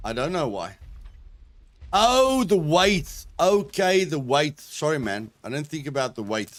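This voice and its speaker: A man streams a video game and chats with his viewers. He breaks into excited shouts and exclamations, and his pitch swings widely. His voice sits a little high for a man. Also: unhurried. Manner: excitable, talks to chat, bursts of exclamations. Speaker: gaming streamer. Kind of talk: live gameplay commentary.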